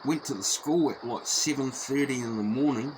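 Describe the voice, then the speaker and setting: A man's voice: mid-range voice, moderate pace. A man telling a story in a rambling, profane, repetitive way. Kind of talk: casual spoken anecdote. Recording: noisy background.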